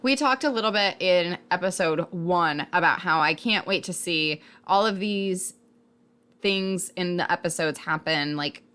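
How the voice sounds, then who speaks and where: A young woman talks through a show in casual conversation. Her voice sits slightly low and she sounds animated, piling up questions as she thinks aloud. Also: smooth. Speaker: podcast co-host reviewing a TV series. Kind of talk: casual chat.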